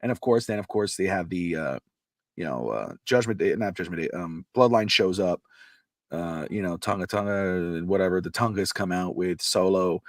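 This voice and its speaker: A man co-hosting a casual podcast, rambling and animated, acting out quotes, with a slightly irritated throat. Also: low voice, normal speed, no room sound, clean studio sound. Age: adult with a child. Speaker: podcast co-host.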